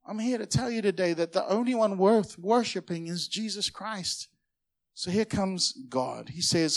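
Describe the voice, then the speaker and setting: High-pitched man preaching, energetic, leading call-and-response with the congregation. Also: normal speed. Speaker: pastor. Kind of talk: sermon.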